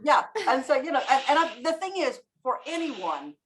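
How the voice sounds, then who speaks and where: A woman guest on a podcast, talking in a lively, storytelling way. Her voice sits a little high and swings widely in pitch as she acts out examples with emphasis. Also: normal speed. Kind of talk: casual interview chat.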